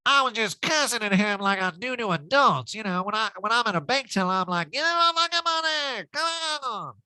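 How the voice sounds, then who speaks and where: A man's voice: animated, brisk, sharp tone, clean tone, no room sound, heavily acted. A man doing a comic impression of a brash, crude glamorous woman in a raised voice. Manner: high, brassy, crude.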